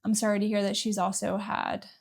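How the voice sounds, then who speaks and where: Woman, candid vlogger, emotional and rambling, steady gravelly delivery. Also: mid-range voice, fairly quick. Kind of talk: personal talk to camera.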